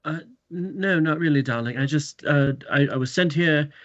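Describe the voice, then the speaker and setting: A foppish vampire writer with a put-on British accent, played by a man, airy and languid in a tabletop game. The voice sits at a middling pitch. The sound is dull and lo-fi, as over an online call. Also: moderate pace, fairly bright tone, lightly acted. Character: male vampire novelist, foppish, calls people darling. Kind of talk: tabletop role-play.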